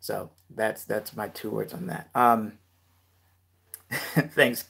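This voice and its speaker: A man's voice: lowish voice, level tone, slow, creaky, fairly bright tone, breathy edge. A man hosting a casual live Q&A, giving rap tips and reading viewer comments aloud with lots of fillers.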